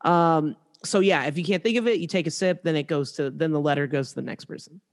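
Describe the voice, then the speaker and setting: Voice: mid-range voice, fast talker. A podcast host in casual chat, listening encouragingly and leading a party game with frequent affirmations.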